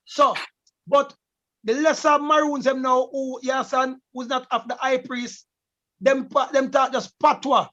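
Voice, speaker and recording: A man's voice: extremely high pitch, little pitch movement, unhurried, pushed and bright. A Jamaican man in casual chat, speaking emphatically and repeating himself as he holds forth. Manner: emphatic, repeats words and preaches about language. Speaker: guest, reggae artist. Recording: dull lo-fi audio.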